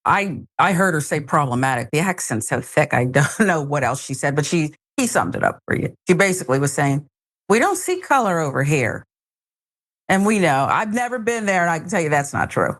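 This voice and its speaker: Woman news host, low voice, sarcastic asides, commentary. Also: expressive, fairly quick, hardly any pauses.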